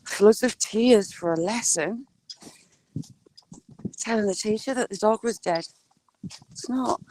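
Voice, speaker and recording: A woman's voice: mid-range voice, slow, darkish tone, a little hiss or hum, low-quality recording. Woman, casual walking live-streamer, mid-range voice, friendly patter to viewers. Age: adult with a school-age child. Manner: chatty, greets viewers by name.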